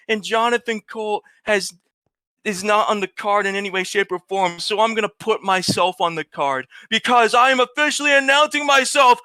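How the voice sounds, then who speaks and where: A man playing a brash male wrestler cutting a loud, cursing, boastful promo. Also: very high voice, no room sound.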